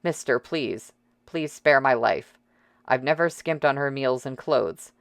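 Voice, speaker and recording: A man's voice: unhurried, vocal fry, a bit bright, dry recording. A man voicing a panicked, desperate woman who pleads and wails, in an audiobook reading. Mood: hysterical. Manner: wailing, pleading, shrill. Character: panicked desperate woman, caregiver turned captor.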